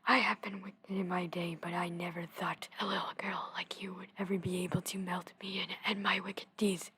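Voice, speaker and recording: A woman's voice: lowish voice, little pitch movement, normal speed, fairly bright tone, slight background noise, natural voice. A woman voicing a spiteful, gloating wicked old witch in a whispered role-play. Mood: wailing. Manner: gloating, then wailing in despair.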